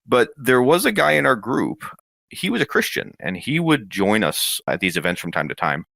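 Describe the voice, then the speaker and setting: Here is a man with a low voice telling a story in a casual, lively way. His pitch rises and falls a lot as he brings his memories to life. The recording is dry and close. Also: moderate pace, gravelly, no echo. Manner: lively, animated retelling with acted quotes. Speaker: interview guest.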